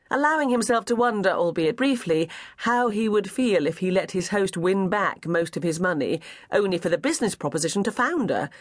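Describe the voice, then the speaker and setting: A man narrating an unabridged novel in a measured, even way on a close studio mic. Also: sits high, no echo. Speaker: audiobook narrator. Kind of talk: scripted narration.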